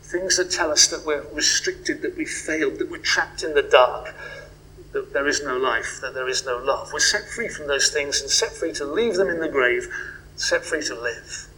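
A man preaching a sermon in a reflective way, moving between hushed questions and swells of emphasis. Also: fairly high pitch, normal speed, a little hiss or hum, rough recording.

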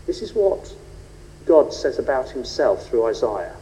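A man preaching a sermon, rhetorical and animated, rising and falling for emphasis. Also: a little slow. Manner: animated, rhetorical, shifts pitch and pace for emphasis. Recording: long reverb of a large hall.

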